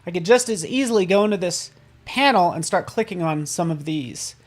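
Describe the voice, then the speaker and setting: A man hosting a live software tutorial, upbeat and playful, often checking in with the viewers and tossing in silly sound effects. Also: high voice, animated, brisk. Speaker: design software instructor.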